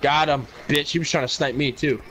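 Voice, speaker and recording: A man's voice: on the high side, fairly even intonation, fairly quick, a bit bright. A young man chatting and trash-talking casually while playing an online shooter. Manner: profane trash talk. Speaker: gamer streamer. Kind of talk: casual gaming chat. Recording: gunfire noise behind.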